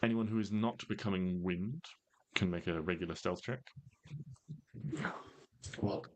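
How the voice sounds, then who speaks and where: A man with a very low, deep voice runs a tabletop game as game master. He narrates in a measured way, pausing and filling gaps with ums. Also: slight background noise.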